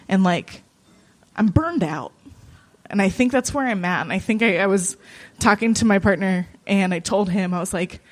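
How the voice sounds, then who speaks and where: Emotional woman telling a story live. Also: medium pitch. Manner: halting, many fillers and restarts, emotional. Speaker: co-host and storyteller. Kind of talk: personal story at a live open mic. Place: small cafe.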